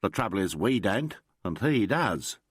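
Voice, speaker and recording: A man's voice: fairly low pitch, sing-song, unhurried, husky, dry recording, clean studio sound, heavily acted. A man voicing an eager, deferential male police officer.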